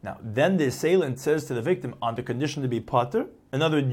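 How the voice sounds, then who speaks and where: A man's voice: medium pitch, expressive, fast, a little mellow, slightly rough. A man giving a Talmud lesson. He translates each phrase into plain English and acts out the quoted replies by changing his tone. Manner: explains each phrase in English after reading it. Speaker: Talmud teacher. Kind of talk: Talmud lecture.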